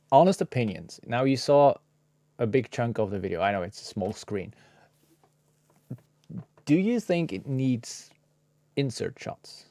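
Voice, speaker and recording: A man with a mid-range, slightly dark voice chats casually with his live viewers while editing a video, recorded with no room sound. He mutters to himself, occasionally slips into a whisper, and swears in a laid-back way during the stream.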